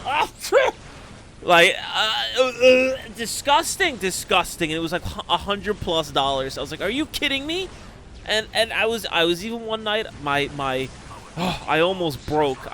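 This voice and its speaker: A young man giving casual, rambling commentary on a strategy game, often breaking into excited exclamations. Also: fairly high pitch, background noise. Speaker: game caster.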